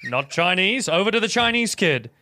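A man's voice: sits high, sing-song, normal speed, background noise, voice pushed up. A man putting on the voice of a male game show host, mimicking a formal announcer. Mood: mock-formal. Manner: exaggerated announcer delivery, imitating a clip.

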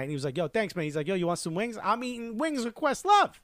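A man's voice: high-pitched, quick pace, no echo, studio quality. A man from Newark in his thirties, telling a long story in a casual podcast chat and acting out the dialogue as he goes. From Newark, New Jersey. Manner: animated storyteller who acts out quoted dialogue.

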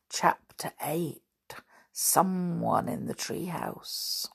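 Woman reading a kids book out loud, slow and measured, bit of vocal fry. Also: on the low side, animated. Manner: measured storytelling. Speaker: reader. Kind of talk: reading a children's book aloud.

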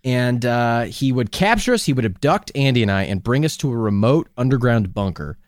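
A man's voice: medium pitch, expressive, fairly quick, no room sound, clean studio sound. A man from Minnesota co-hosting a podcast, rambling in casual comedic banter and laughing often. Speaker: podcast co-host.

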